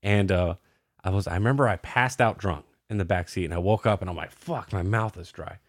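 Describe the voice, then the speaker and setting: A man's voice: low voice, quick pace, no echo, studio quality. A young man hosting a podcast, telling a crude, rambling story full of swearing and fillers. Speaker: podcast host. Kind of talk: casual storytelling.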